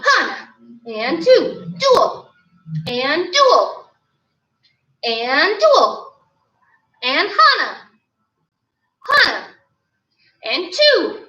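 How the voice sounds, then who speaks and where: A young woman teaching an online kids' martial arts class, energetically calling out drill commands. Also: high-pitched. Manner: energetic, calls out drill commands with bursts of laughter. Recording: roomy, distant, dull sound.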